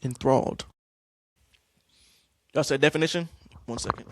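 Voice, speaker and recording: A young man hosting a podcast, casually telling stories about acting class, slangy and animated. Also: mid-range voice, fairly quick, no echo, studio quality. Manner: animated, acts out scene lines, slangy. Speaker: podcast host.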